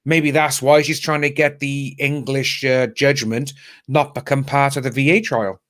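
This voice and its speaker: A man's voice: medium pitch, fairly even intonation, a little slow, a bit bright. A man guest on a casual livestream, talking emphatically and acting out quotes.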